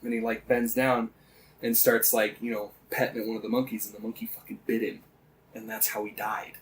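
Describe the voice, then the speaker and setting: A man's voice: fairly low pitch, level tone, brisk, recorded from a distance, slight background noise, rough recording. A man co-hosting a podcast, retelling a game story in casual chat, rambling with lots of fillers and frequent swearing. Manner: rambling, swears often, many fillers and restarts. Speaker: podcast co-host.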